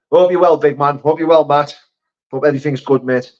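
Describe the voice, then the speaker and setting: A man's voice: on the high side, a little mellow, muffled recording. A man hosting a casual live stream, reading out chat messages in a blunt, laddish way with swearing and laughter.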